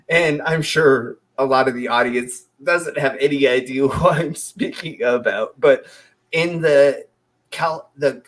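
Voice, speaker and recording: A man's voice: mid-range voice, unhurried. A man in his twenties hosting a casual talk show, telling stories in a rambling way with many fillers and restarts. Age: 20s. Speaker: show host. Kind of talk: casual storytelling chat.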